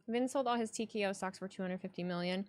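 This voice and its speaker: A young adult woman streaming live, reading chat and talking in a blunt, profane, animated way. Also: medium pitch.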